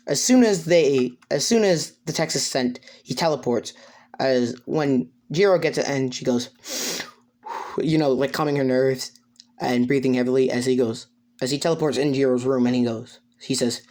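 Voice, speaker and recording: A man improvising fan-fiction narration, halting and rambling with many restarts. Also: medium pitch, darkish tone. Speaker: storyteller.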